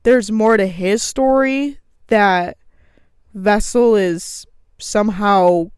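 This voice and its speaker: A woman's voice: mid-range voice, takes it slowly, a little mellow, clean tone, dry recording. A woman co-hosting a casual podcast chat, rambling with fillers and restarts. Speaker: podcast co-host.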